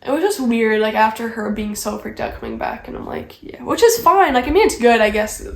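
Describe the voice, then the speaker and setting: A young woman vlogger telling a story in casual chat, rambling and filling every pause with "like". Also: fairly high pitch, sing-song, creaky. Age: young adult. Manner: rambling, heavy use of "like". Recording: echoey room.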